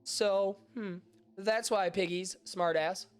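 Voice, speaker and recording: Soft background music plays as a young man with a high, clear, resonant voice takes things slowly, his intonation fairly even. He hosts a podcast stream, chatting crudely and casually with his chat, joking, self-deprecating and swearing a lot, his voice stuffy and nasal from allergies.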